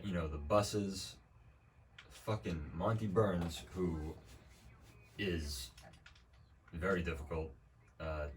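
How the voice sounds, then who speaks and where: A young man streaming a video game, talking in a loose, rambling way with dry jokes and plenty of swearing. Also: rumbling low. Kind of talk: casual gameplay commentary. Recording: distant mic with faint background noise.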